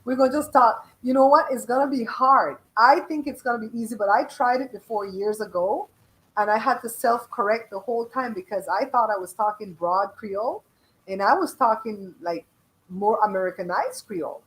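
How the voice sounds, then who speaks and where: A woman's voice: on the high side, normal speed, fairly bright tone, low-quality recording. Belizean woman, middle-aged, blunt and chatty host reading out her live chat. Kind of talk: casual live-stream chat.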